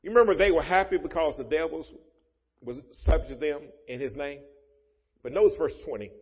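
A man with a somewhat high, husky voice preaches to his congregation, breaking into loud, rising bursts and joking asides. His voice rings with long reverb through a church hall. The recording sounds dull and muffled. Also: fairly quick. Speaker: pastor. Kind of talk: sermon.

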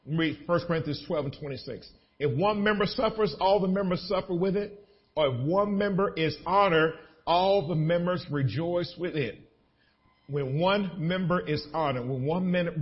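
A man preaching a sermon as pastor, animated, breaking into shouts of joy. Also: fairly high pitch, dull audio.

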